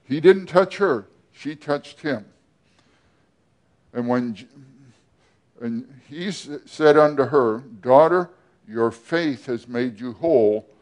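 Man, pastor, sermon, slow deliberate delivery, asks the congregation questions. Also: medium pitch, darkish tone.

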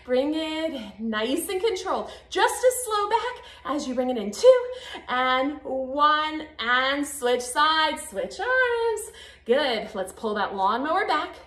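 A woman's voice: high voice, very animated, takes it slowly, a bit bright. A woman in her thirties leading an arm workout, upbeat and encouraging as she counts reps, a little out of breath, in her home garage. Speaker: fitness instructor. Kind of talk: guided workout instruction. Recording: echoey garage.

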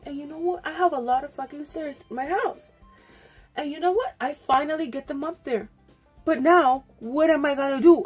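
At home, a young woman gets ready on camera and rambles through a frustrated story, cursing freely in casual vlog chat. Her voice is high with a darkish tone and a moderate pace, and soft music plays in the background.

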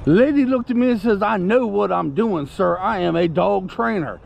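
A man's voice: high voice, lively intonation, normal speed, creaky, darkish tone. A man telling a story casually to camera, indignant and rambling, breaking off to give commands to his puppy. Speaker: vlogger.

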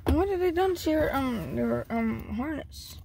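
A woman's voice: high-pitched, animated, measured pace, creaky, a little mellow, slight background noise. A woman filming her small dog, cooing and scolding it in baby talk.

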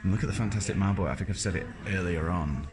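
A man in his thirties, a vlogger, gives a casual walk-through tour of a large, empty indoor building while filming, his wry, self-mocking chatter delivered fast in a low voice. Crowd noise sits behind him, and the recording quality is poor.

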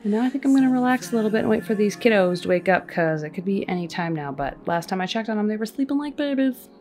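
Tired young mom vlogging at home, swoopy lively voice, goes high and cooing for the babies. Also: female voice, fast talker, faint music behind. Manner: chatty, high sing-song talk to babies. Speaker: mother of infant twins. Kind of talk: home vlog with baby talk.

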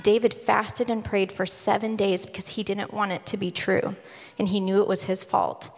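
Woman preacher telling a bible story casual-like, mid pitch, big echoey church hall. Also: level tone, moderate pace. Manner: conversational storytelling sermon, voices quoted figures casually. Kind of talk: sermon. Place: church sanctuary. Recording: long hall reverb in a church.

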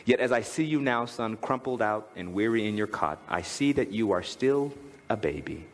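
Lively pastor preaching a sermon. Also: male voice, normal speed, in a large hall. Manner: lively, swings from high to low when reading aloud. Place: church.

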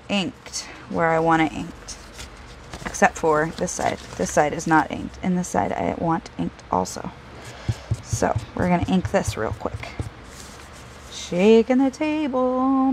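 A woman's voice: on the low side, takes it slowly, a little hiss or hum, rough recording. A woman hosting a casual crafting video, chatting and joking at herself as she works. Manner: chatty, self-deprecating, talks to herself while working.

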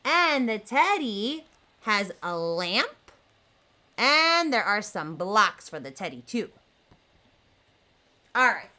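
A young adult woman hosting a children's learning show, talking slowly to toddlers with big gasps and playful animal sounds. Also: mid-range voice, very animated, sharp tone. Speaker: children's educator host. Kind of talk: slow, animated talk to toddlers.

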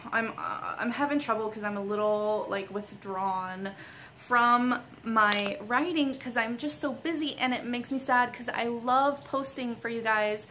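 Bright-voiced young woman gushing to fans. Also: fairly high pitch, a little hiss or hum, low-quality recording. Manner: gushing, giggly, full of ums and likes. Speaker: author and vlogger. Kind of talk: casual thank-you vlog to fans.

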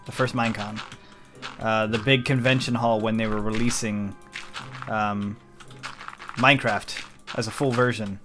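A man's voice: fairly low pitch, steady tone, a little slow, pauses often, over music. A man talking casually while playing a game, rambling and correcting himself as he goes. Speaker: let's play host. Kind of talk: casual gameplay commentary.

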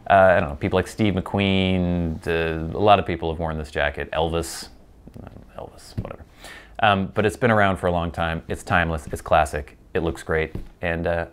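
A man's voice: sits low, gravelly. A man hosting a pipe-smoking show, chatting casually as he answers viewer questions, rambling and poking fun at himself. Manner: rambling and self-deprecating, with many fillers.

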